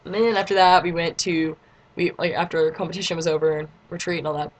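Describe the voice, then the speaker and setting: A teenage girl telling a story to her camera in a casual vlog. She chats and giggles along and leans on "like" constantly. Now and then she breaks into excited squeals. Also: lowish voice, fast. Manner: chatty and giggly, lots of "like", squeals in quotes. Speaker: vlogger.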